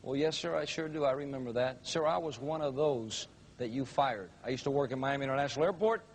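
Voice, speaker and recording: A man's voice: mid-range voice, quick pace, a little hiss or hum. A man giving an emphatic, dramatic motivational speech, telling a story to a live audience. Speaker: motivational speaker.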